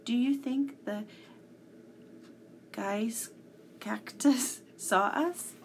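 A frightened young boy in a storybook, asking anxious, hushed questions, as a woman reading aloud puts him on. The voice runs slow with a gravelly edge. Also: a little high, slight background noise. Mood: scared.

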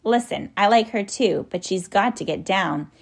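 A woman voicing a bold young boy with a dry, excitable manner. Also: mid-range voice, moderate pace, vocal fry, breathy edge. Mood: embarrassed.

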